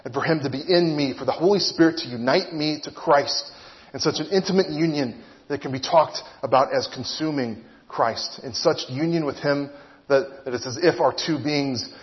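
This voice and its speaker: A man's voice: fairly high pitch, normal speed, big-room sound, dull audio. A man preaching a sermon, earnest and teaching, often posing rhetorical questions to his listeners.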